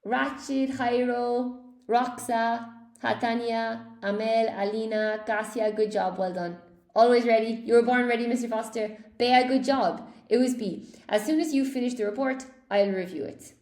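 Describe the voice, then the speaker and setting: A woman's voice: fairly high pitch, steady tone, normal speed, darkish tone, echoey room. A woman teaching a live online English class, cheerfully praising students by name as she goes through quiz answers.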